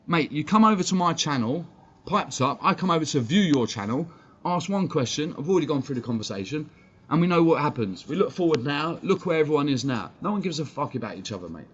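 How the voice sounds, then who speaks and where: A man's voice: fairly high pitch, sing-song, fast, breathy edge. A man ranting bluntly on a live fan stream, swearing and combative. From England. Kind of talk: heated live-stream rant. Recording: dull lo-fi stream audio, faint background noise.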